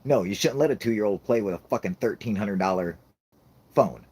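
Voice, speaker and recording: Deep husky guy cussing nonstop, laughing, voice jumps all over. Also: animated, moderate pace, darkish tone. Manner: profane, laughing, rambling comic rant. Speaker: podcast host. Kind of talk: casual chat.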